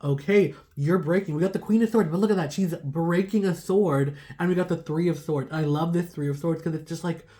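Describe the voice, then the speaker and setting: A woman's voice: on the low side, brisk, hardly any pauses, dark tone. A woman giving a casual tarot reading to her viewers, rambling with lots of "like" fillers and laughing at herself. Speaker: tarot reader.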